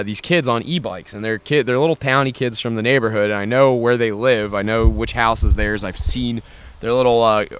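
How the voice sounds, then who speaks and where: Smooth-voiced man telling a rambling story. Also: mid-range voice, a bit bright. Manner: rambling, profane, lots of fillers. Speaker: podcast host. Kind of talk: casual storytelling chat.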